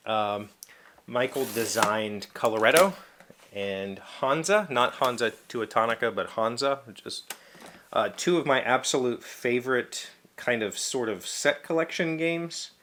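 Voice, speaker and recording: A man talking casually into the camera as he works at a task, easygoing and a bit rambling. His voice sits at an ordinary middle pitch, and he restarts his sentences often, with plenty of ums. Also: unhurried, slight background noise. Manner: rambling, relaxed, many fillers and restarts. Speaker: host of a daily video show. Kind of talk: casual chat while working.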